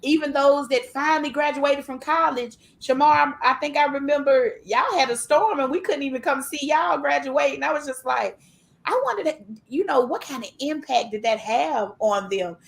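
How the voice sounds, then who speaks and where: A woman's voice: sits high, moderate pace, gravelly. A woman, hosting a casual conversation and asking questions in a reflective, vernacular way. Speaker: host.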